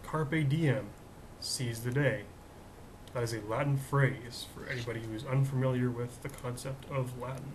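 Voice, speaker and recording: A young man in his twenties hosts a comedic monologue, rambling and poking fun at himself. His voice sits in a middle pitch. A faint low rumble hangs in the background. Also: fairly even intonation, normal speed. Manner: rambling, jokey and self-mocking. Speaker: host.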